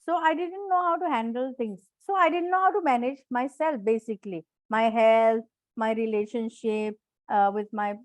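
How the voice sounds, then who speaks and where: Woman, coach, high voice, encouraging, repetitive, dry close sound, video call. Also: no echo. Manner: encouraging, repetitive, asks the class questions. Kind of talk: live online class on self-management.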